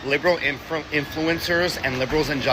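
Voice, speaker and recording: A man's voice: fairly high pitch, steady tone, fast talker, noisy background. A man in an angry reaction vlog, ranting furiously, swearing constantly, and tripping over his words.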